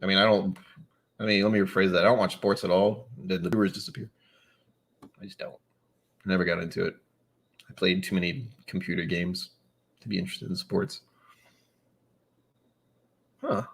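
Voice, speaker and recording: A man with a lowish, husky voice talks loosely on a live stream. He drifts from one thought to the next, reading viewer comments aloud. He breaks in with wry, sudden bursts of enthusiasm. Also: moderate pace, long pauses. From New England. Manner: rambling, wry, sudden animated asides.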